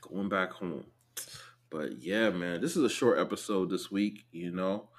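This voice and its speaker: A man co-hosting a podcast in casual chat, reacting quickly and cutting in. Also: low voice. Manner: animated, quick to react and interrupt. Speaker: podcast co-host.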